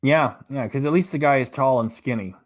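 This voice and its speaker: Speaking briskly in a mid-range voice, this livestream reaction host chats away from a small apartment. He reads the chat out loud and keeps chuckling as he goes through viewer comments.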